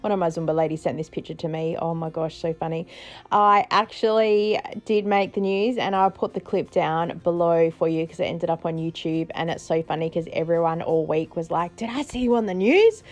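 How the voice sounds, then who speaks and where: A woman's voice: low-pitched, fairly even intonation, normal speed, faint music behind. A middle-aged Australian woman chatting casually in a vlog, laughing often and retelling moments with playful voices. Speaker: frugal living vlogger.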